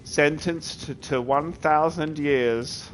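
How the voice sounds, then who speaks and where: A man's voice: a little high, slow, a little hiss or hum. A man streaming live, chatting casually with his viewers, rambling and laughing often. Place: at his computer.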